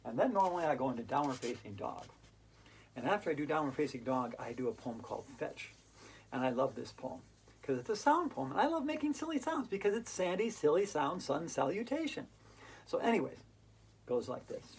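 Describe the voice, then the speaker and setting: Enthusiastic woman instructor with a husky, breathy voice, silly and sing-song, for a kids' fitness class. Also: low-pitched, big pitch swings, fairly quick, darkish tone, low-quality recording. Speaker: yoga and hula hoop instructor. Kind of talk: playful instructional talk for kids.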